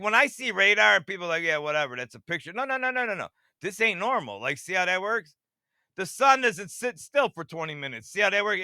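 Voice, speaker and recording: A man rambling excitedly through screen-share commentary and talking straight to his viewers, who keeps asking if they see how it works. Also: sits high, no room sound, studio quality. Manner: talks to viewers directly, half-mocking. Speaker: radar-watching channel host.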